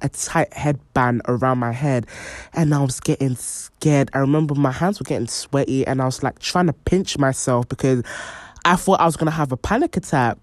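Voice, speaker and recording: This young podcast host shares a personal story in a low voice, recorded with no echo. Her delivery is animated, packed with fillers, and she performs the quoted lines in character.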